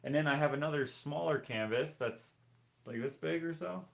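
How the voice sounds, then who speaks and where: A man's voice: on the high side, normal speed, creaky. A man from Canada painting on a live stream, reading viewer comments aloud and chatting in a rambling, easygoing way that keeps interrupting itself.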